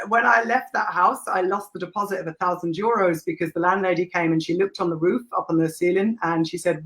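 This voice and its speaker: A woman's voice: mid-range voice, a bit bright, low-quality recording. An Irish woman in her thirties, a guest telling stories in a candid, casual way, swearing freely and laughing often. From Ireland. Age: 30s. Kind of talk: casual interview storytelling.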